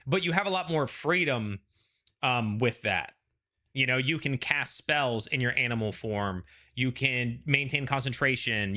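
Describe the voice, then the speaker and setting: A man's voice: medium pitch, sharp tone. A man hosting a casual panel chat, rambling with lots of "like" and "you know" and frequent restarts. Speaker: show host.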